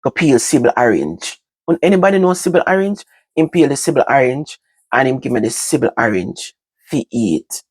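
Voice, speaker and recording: An older woman with a Jamaican accent, telling stories from her own life to her vlog audience in casual, animated talk that moves between patois and standard English. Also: a bass voice, moderate pace, husky, dry recording. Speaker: vlogger. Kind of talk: casual storytelling to camera.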